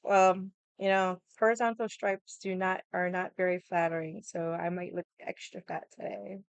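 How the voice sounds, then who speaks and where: A young adult livestream host chats in a fairly low, level, creaky yet clear and resonant voice at a moderate pace. She talks frankly and casually, swearing freely and saying "like" constantly, recorded dry.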